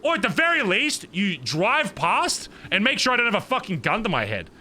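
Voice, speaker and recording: Animated, bright-voiced man venting in character. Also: high-pitched, a little fast, a little hiss or hum. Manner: heated, profane venting, animated retelling. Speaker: streamer in character. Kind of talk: in-character roleplay conversation.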